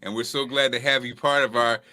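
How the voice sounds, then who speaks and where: A man's voice: mid-range voice, steady tone, a little fast, pushed and bright. A man hosting a talk show, asking the guest questions and affirming her answers. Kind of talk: casual talk show chat.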